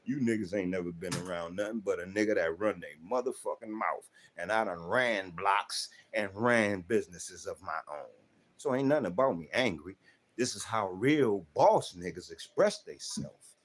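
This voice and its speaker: With a deep voice, lively intonation and normal pace, a man from South Central Los Angeles hosts a livestream. He launches into a ranting monologue at his chat, profane and confrontational, using AAVE and rhetorical questions.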